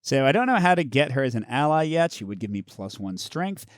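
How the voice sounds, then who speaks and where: A man's voice: mid-range voice, big pitch swings, brisk, dry recording, clean studio sound. A man hosting a tabletop card game playthrough, chatting casually as he explains the rules and reads the story text aloud. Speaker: host of a board game channel.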